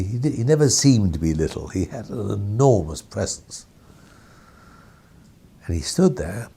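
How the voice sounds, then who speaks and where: A man's voice: on the low side, gravelly, dark tone, husky. An older man, a former newspaper editor, telling a rambling story with frequent chuckles and restarts in an archival interview. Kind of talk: anecdotal reminiscence.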